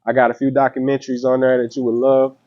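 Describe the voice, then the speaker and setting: A man's voice: mid-range voice, monotone, quick pace, dry recording. A man from St. Louis, a rapper guest in a casual interview, talking in a laid-back way and often asking "you know what I'm saying?". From St. Louis, USA. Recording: dull lo-fi sound.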